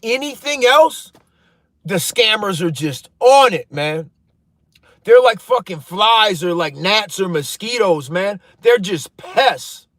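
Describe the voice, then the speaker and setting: A man's voice: sits high, expressive, slow pace, fairly bright tone, dry recording. A man in his thirties telling a heated, profane story to his viewers in a casual, rambling way. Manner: profane, heated, addresses viewers as you guys. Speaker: storytelling vlogger.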